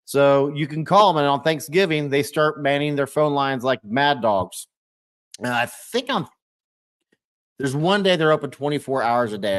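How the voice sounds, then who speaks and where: A man's voice: medium pitch, smooth. Rambling man hosting a live stream. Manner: rambling, thinks aloud and rephrases himself mid-sentence; reads viewer comments aloud and answers them by name. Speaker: live-stream host answering viewer questions. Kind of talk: casual live-stream chat.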